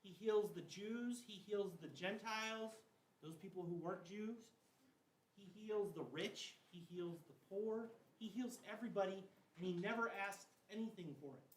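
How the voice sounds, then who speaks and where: A man's voice: high voice, normal speed. A man teaching a confirmation class, retelling Bible stories in a loose, chatty way full of "like" and slang. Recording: echoey room, mic at a distance, faint hiss.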